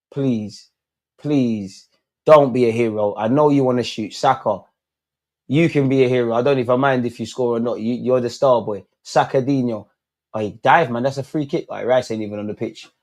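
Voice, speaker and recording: A man's voice: medium pitch, moderate pace, darkish tone. A young man doing a live football watch-along, swearing, pleading with the players and throwing in lots of slang. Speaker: football fan streamer.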